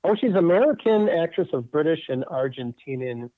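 A man's voice: a little high, expressive, moderate pace. A middle-aged man co-hosting a casual podcast, enthusiastic and prone to repeating himself. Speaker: podcast co-host. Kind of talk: casual chat. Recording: dull dry audio.

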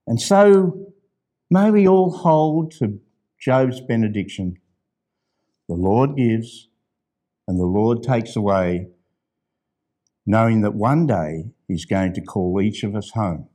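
A middle-aged male pastor preaching a sermon. He swings from soft, low asides to loud, emphatic declarations, and at times reads a letter aloud. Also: expressive, takes it slowly, long pauses.

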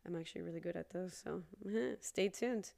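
A young woman hosting her own podcast, talking earnestly and casually, with sudden high emphatic bursts. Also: normal speed, creaky, a little mellow. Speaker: podcast host. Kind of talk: casual solo podcast talk.

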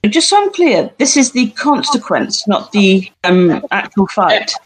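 Tabletop player, mid pitch, polite with dry asides; faint background noise. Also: big pitch swings, unhurried, rough recording. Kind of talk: in-character role-play and table chat.

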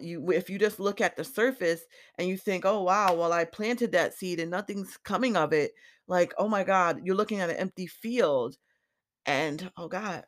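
A woman in her forties hosting a podcast, talking through a personal reflection with emotion, sometimes choked up, with many pauses and restarts. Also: fairly low pitch. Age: 40s. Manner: unhurried, with many fillers and restarts. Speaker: podcast host.

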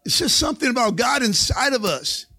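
A man preaching a Pentecostal sermon in a church. He calls for amens and rises to excited shouts. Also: extremely high pitch, a little fast, gravelly, husky. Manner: call-and-response preaching, asks for amens. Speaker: pastor. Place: church sanctuary.

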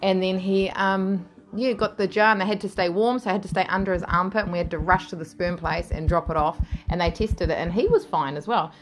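NZ woman, thirties, interview guest; blunt, giggly, low-pitched. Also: steady tone, a little fast, hardly any pauses, slight background noise. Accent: New Zealand. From New Zealand. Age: 30s. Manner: frank and laughing, swears freely. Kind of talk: candid storytelling.

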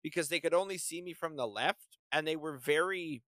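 A man's voice: on the high side, brisk, fairly bright tone, no echo. A man co-hosting a podcast, telling a story in casual, rambling chat full of restarts. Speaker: podcast co-host.

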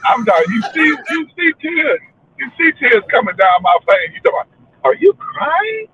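A man co-hosting a podcast, joking and acting out what people say in animated casual chat. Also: very high voice, brisk, highs cut off, a little hiss or hum. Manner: animated, joking, acts out quotes. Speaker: podcast co-host.

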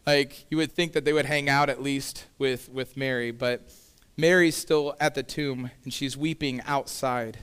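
Smooth-voiced man preaching casually. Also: mid-range voice, fairly even intonation, a little slow, fairly bright tone. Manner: conversational preaching with casual asides. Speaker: pastor. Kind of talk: sermon.

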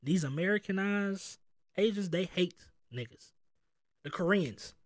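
Joking, profane Southern podcast host. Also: male voice, sits high, unhurried, no echo. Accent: Southern US (North Carolina). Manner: loose, profane, joking street slang. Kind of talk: casual chat. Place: home.

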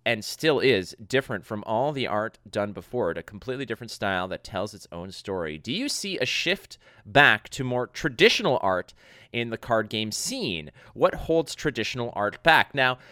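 A man's voice: mid-range voice, very animated, moderate pace, pushed and bright, no echo, clean studio sound. A man hosting a podcast, talking upbeat and enthusiastic in casual chat. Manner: upbeat, enthusiastic, keeps saying "friends". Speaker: podcast host.

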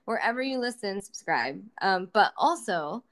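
A woman's voice: mid-range voice, very animated, moderate pace, fairly bright tone. Woman co-host, loose and profane, hyping listeners in casual chat. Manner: loose, profane, enthusiastic plugging. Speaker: podcast co-host.

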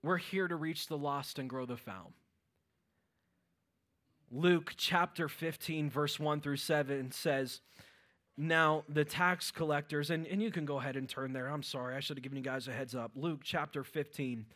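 A man with a Pittsburgh accent preaching a sermon as pastor, energetic, with loud exclamations to the congregation. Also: on the high side, a little slow. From Western Pennsylvania.

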